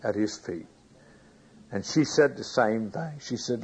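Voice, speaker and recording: A man's voice: fairly low pitch, measured pace, pauses often, breathy edge, rough recording. A man preaching a sermon, reading scripture aloud, commenting on it and putting questions to his congregation.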